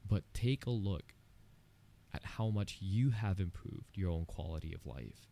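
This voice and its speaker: Male podcast host, solo monologue, earnest and encouraging, warm low voice. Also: lively intonation, unhurried, gravelly. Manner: earnest, candid and encouraging, with frequent "you know" asides.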